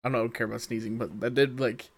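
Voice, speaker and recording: A man co-hosting a podcast over a voice call, laid-back and quick to laugh, reading out questions and griping about pet peeves. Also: mid-range voice, steady tone, breathy edge, no echo. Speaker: podcast co-host. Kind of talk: casual chat. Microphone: recorded over a voice call.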